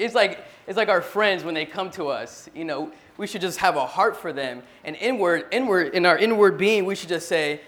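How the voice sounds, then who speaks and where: A man's voice: a little high, lively intonation, moderate pace, few pauses, fairly bright tone. A man at a church meeting, earnestly retelling a Bible story in a casual sharing style, often restarting his sentences.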